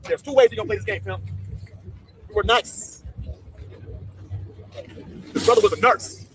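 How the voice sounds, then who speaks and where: A man's voice: sits high, moderate pace, a bit bright, slight background noise. A man speaking outdoors at a street protest, leading the crowd in call and response with rousing, profane talk. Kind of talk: rally speech with call and response.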